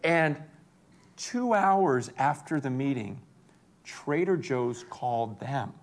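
A man preaching a sermon, telling stories with energy and swinging between hushed and excited moments. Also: mid-range voice, slow pace. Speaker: pastor.

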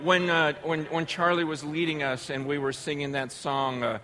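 A man speaking to a conference audience in an impassioned sermon, earnest and halting, repeating words and swinging from hushed confession to shouted pleas. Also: on the high side, fairly even intonation.

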